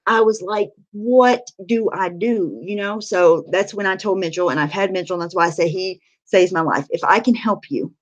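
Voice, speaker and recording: A woman's voice: lowish voice, fairly quick, few pauses, lo-fi sound. A woman talks straight to her livestream chat in a loose, casual way. She is candid and blunt, swears freely, and fills her sentences with "you know" and "like.". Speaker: livestreamer sharing her recovery story.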